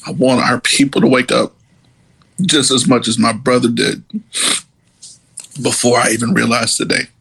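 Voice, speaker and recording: A man hosting a podcast, speaking in an earnest, halting and emotional way. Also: medium pitch, little pitch movement, creaky, a bit bright, breathy edge. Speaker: podcast host. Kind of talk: emotional personal monologue.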